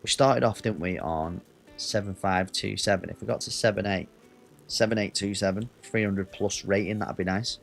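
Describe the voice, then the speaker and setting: A man's voice: on the low side, fairly even intonation, normal speed, gravelly, soft background music. A man, chatting casually and swearing as he streams a racing game. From Northwest England. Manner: chatty, banters with chat, swears. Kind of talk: casual gaming stream chat.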